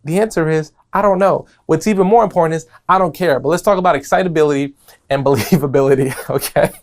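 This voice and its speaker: A man's voice: fairly high pitch, gravelly. A young man from New York with a New York accent, hosting a solo motivational podcast in a playful, rambling way full of jokes and tangents. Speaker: podcast host.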